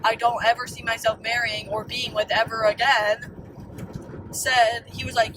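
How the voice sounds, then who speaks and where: A young woman calling in by voice memo, telling a story in an exasperated, animated way with plenty of swearing. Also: fairly high pitch, brisk. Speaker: caller. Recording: distant voice memo with background noise.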